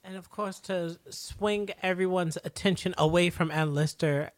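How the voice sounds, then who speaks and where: A man's voice: high-pitched, steady tone, normal speed, dry recording. A man co-hosting a podcast, recapping a TV episode in an easygoing, agreeable chat. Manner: easygoing, agreeable, laughs along. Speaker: podcast co-host.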